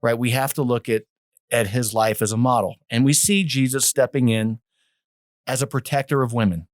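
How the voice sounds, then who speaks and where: A man hosting a podcast, talking in a measured, teaching way and citing scripture. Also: mid-range voice, steady tone, no room sound, studio quality. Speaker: podcast host. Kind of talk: podcast conversation with scripture references.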